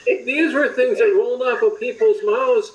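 A man's voice: extremely high pitch, normal speed, low-quality recording. A man from Wisconsin co-hosting a casual family podcast chat, telling playful stories. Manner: animated, playful storyteller. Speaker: podcast co-host.

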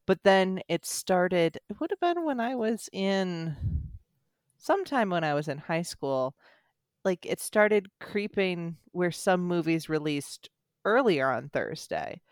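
A young American speaker in their twenties chatting casually on a podcast, telling stories in a quick, animated way with frequent restarts. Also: medium pitch, no room sound, clean studio sound. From United States. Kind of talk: casual chat.

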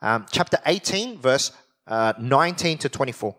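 A man's voice: mid-range voice, lively intonation, moderate pace, fairly bright tone. A man teaching a Bible study in sermon style, explaining with emphasis and reading scripture aloud.

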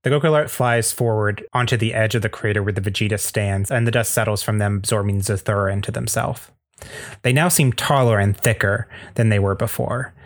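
A man reads the narration of a fan-script table read in a lowish voice. The recording is dry and close, and he tells the story plainly, stumbling now and then. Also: a little fast, dry recording. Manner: plain storytelling with small slips.

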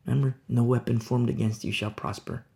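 A man delivers a sermon in a gravelly voice of middling pitch. He presses his points with rhetorical questions, rising to loud emphasis and then dropping to a hush. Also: fairly even intonation, brisk. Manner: swings between loud and hushed. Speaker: preacher.

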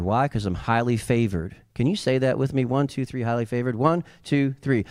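A man with a Southern US accent preaching a sermon with passion, swinging from loud cries to hushed intensity and calling on the congregation to repeat after him. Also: medium pitch, normal speed, hardly any pauses, dry recording, clean studio sound. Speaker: pastor.

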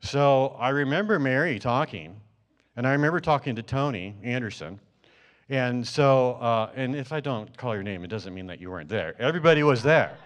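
Guy telling his church about a dream, lots of ums and restarts, mid-pitched voice. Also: animated, normal speed. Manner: storytelling, many fillers and restarts. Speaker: church member sharing a dream. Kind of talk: testimony to a congregation.

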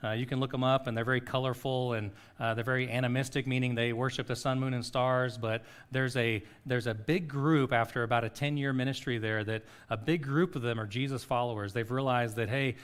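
Middle-aged male pastor, sermon, earnest questioning delivery, soft and paused when guiding reflection. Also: mid-range voice, fairly even intonation, clear, resonant tone. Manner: soft-spoken guided reflection, pauses between phrases.

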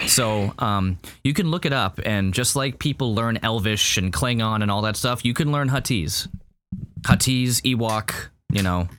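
A man's voice: lowish voice, a little slow, fairly bright tone, clean tone. A man co-hosting a podcast, reviewing a show in casual chat, rambling with lots of fillers and restarts. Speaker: podcast co-host.

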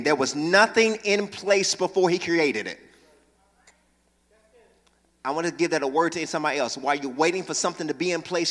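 High-voiced preaching man in a reverberant church. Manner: lively preaching, joking asides, rising to emphatic calls. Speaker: pastor. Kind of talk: sermon. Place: church sanctuary. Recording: long reverb in large church.

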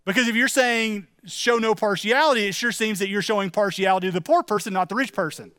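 A middle-aged man preaching a sermon in a church, talking straight to the congregation with questions and stern emphasis. His voice sits high and rings smooth and clear. The sound is close and dry, with little room echo. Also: quick pace, fairly bright tone. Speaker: pastor. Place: church sanctuary.

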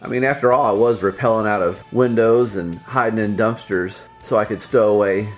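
A man's voice: fairly low pitch, normal speed, soft background music. A man telling a humorous, self-deprecating story from his youth in a casual way. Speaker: storyteller on a podcast.

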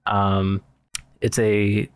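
A man's voice: fairly low pitch, completely flat delivery, extremely slow, clean tone, no echo. A man hosting a comedy podcast, casual and hesitant with lots of ums. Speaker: podcast host. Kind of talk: casual chat.

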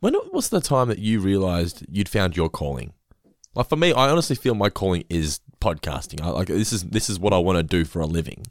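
Lively, low-voiced man. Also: fairly quick, no room sound, studio quality. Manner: chatty, recaps with lively asides. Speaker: podcast host. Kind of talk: casual chat.

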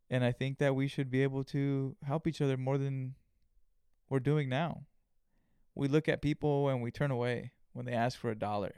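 A man's voice: medium pitch, gravelly, smooth, no room sound, clean studio sound. A young man hosting a solo podcast, telling stories with heavy swearing and acting out his own thoughts. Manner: profane, animated storytelling, acts out his own inner voice. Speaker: podcast host.

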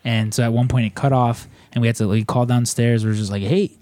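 A man's voice: medium pitch, flat delivery, fast, dark tone, no echo. A man hosting a podcast in casual chat, rambling and swearing freely into a podcast mic. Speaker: podcast host and editor. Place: room in a house. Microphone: podcast microphone.

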